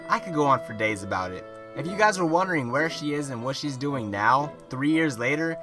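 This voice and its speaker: A young man telling a storytime vlog, animated and swearing a lot. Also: a little high. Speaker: vlogger.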